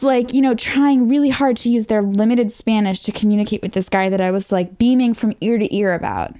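A woman's voice: a little high, normal speed, warm tone. Chatty young woman telling a story. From Northern Virginia, USA. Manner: chatty, self-mocking, fills speech with "like". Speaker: interview guest. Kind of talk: casual personal storytelling.

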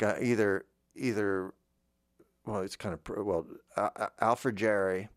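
A man with a fairly low voice musing aloud in a casual monologue. He drifts and restarts his sentences as his thoughts wander. The recording is dry, with no room sound. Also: no room sound. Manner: rambling, digressive, musing.

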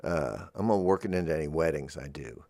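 A man hosting a freeform radio show from a studio, rambling gently in a musing monologue. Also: very deep voice, expressive, quick pace, creaky, dry recording. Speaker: radio host.

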